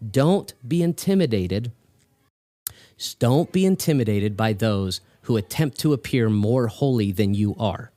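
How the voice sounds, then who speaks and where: A man's voice: lowish voice, darkish tone. A middle-aged man hosting a podcast, telling family stories with emphatic, preacher-like force. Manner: emphatic, builds to raised preacher-like delivery. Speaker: podcast host. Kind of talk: conversational podcast storytelling.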